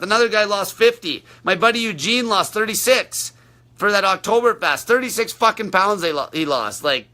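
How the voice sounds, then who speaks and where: A man's voice: sits high, sharp tone. A man coaching on a livestream, answering viewer questions in a brash, blunt, profane way.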